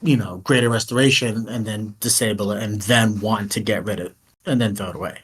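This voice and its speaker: Husky-voiced man running the game. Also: on the low side, fairly even intonation, fairly quick. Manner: explains rules patiently, reassuring. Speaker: dungeon master.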